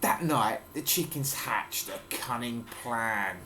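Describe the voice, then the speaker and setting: Playful dad reading a picture book. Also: male voice, mid-range voice, takes it slowly, pushed and bright, slight background noise. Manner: playful, explains words and points at pictures. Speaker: father reading to his children. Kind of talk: reading a picture book aloud with chatty asides.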